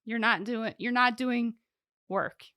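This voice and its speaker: A woman's voice: on the high side, steady tone, slow, pushed and bright, clean tone, dry recording. A woman co-hosting a podcast, telling a true-crime case in a casual, joking way with many fillers. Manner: joking, chatty, lots of "like" fillers.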